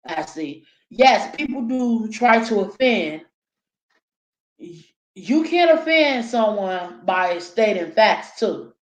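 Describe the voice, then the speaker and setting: A woman's voice: mid-range voice, roomy sound, muffled recording. A woman chatting casually to her viewers, blunt and opinionated, swearing freely. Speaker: vlogger. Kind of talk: casual talk while eating, reading chat.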